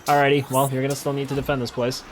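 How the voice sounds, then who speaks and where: A man of middle pitch talks through his strategy game turns, thinking aloud and correcting himself. He is excitable and quick to laugh. A faint noise sits under the voice. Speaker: let's play host. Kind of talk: casual gameplay commentary.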